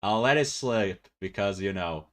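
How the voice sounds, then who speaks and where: A man's voice: on the low side, lively intonation, a little slow, fairly bright tone. A male VTuber streamer chatting casually, rambling and laughing often.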